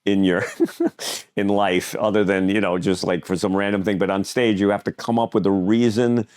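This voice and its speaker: A man co-hosting a comedy podcast, telling a personal story in a reflective, halting way. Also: fairly low pitch, little pitch movement, darkish tone, clean tone, dry recording, clean studio sound. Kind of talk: casual podcast chat.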